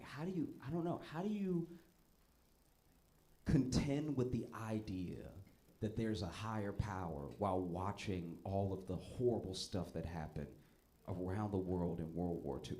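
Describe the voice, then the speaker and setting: On a comedy club stage, a man performs a stand-up set, telling stories and pushing his voice loud and high for the punchlines while the audience laughs.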